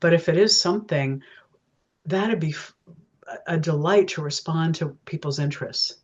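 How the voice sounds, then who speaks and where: A woman's voice: sits low, moderate pace. A woman talking in a casual chat as a guest, chatty and often laughing, with many restarts. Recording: dull lo-fi sound.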